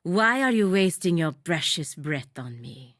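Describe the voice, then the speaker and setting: An actress voicing a cold, aloof non-human female envoy in a video game, speaking in a cool, measured and dismissive way. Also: on the low side, big pitch swings, fairly bright tone, no echo, studio quality.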